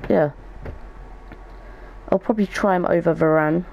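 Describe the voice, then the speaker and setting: A man's voice: a little high, fairly even intonation, a little slow, vocal fry, dark tone, slight background noise, low-quality recording. A young man giving casual gaming commentary as a YouTuber, thinking aloud as he goes. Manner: chatty, thinks aloud while opening packs.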